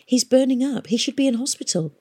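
A woman's voice: mid-range voice, lively intonation, brisk, darkish tone, slightly rough, pitched above the performer's own voice. A woman voicing an anxious, earnest teenage girl who pleads and protests. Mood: distressed. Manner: pleading, indignant.

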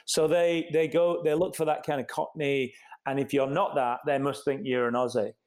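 A middle-aged company co-founder from Yorkshire, England, whose accent has softened after years in America, is a guest in a casual conversational interview. He speaks thoughtfully at a moderate pace in a medium-pitched, level voice, with many restarts and "you know" fillers.

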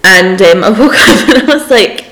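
A woman's voice: medium pitch, lively intonation, moderate pace, fairly bright tone. A woman in her twenties, co-hosting a podcast in casual chat, telling stories with frequent laughter. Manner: giggly storyteller, laughs often. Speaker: podcast co-host.

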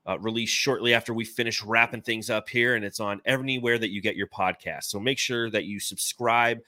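A man's voice: on the low side, fairly even intonation, brisk, sharp tone, dry recording, clean studio sound. A man in his forties hosting a casual sports podcast, enthusiastic and rambling. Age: 40s. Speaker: podcast host.

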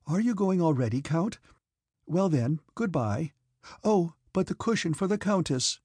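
Gentle young noblewoman, read by a man, raised high and pleading, husky and gravelly. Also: expressive, measured pace, no room sound, studio quality. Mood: flustered. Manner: trembling, pleading.

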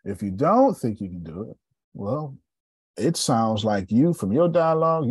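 Talking a little slowly in a medium-pitched, breathy voice, a man runs a relaxed sales seminar. As a sales coach he's animated and jokey, asking the audience to agree with him. There's no room sound.

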